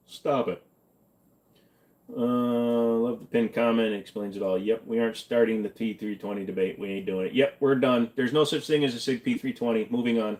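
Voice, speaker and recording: A man hosting a livestream who chats casually through viewer questions. His replies are dry and joking, at a middle pitch and an everyday pace. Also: moderate pace. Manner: joking, deadpan, answers questions from chat. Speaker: livestream host. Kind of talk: casual livestream chat reading comments.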